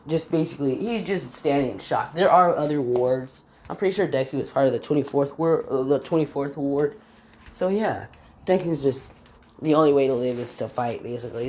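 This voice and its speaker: A woman improvising a fan story out loud, rambling, stopping on fillers and forgetting names as she goes. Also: a bass voice, a little hiss or hum.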